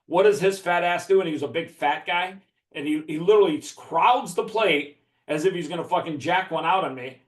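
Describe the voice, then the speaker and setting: A man's voice: a little high, brisk. Profane man spinning a yarn, echoey room. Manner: profane, laughing as he tells it. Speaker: podcast guest. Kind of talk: casual storytelling.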